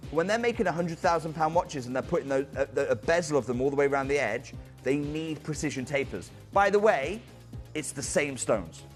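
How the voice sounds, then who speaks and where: A slightly high-voiced man hosts a live TV shopping sale in a studio. He pushes hard and urgently, naming viewers one after another. Faint music plays underneath. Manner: urgent, persuasive, addresses viewers by name. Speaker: shopping channel presenter. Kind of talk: fast live sales pitch.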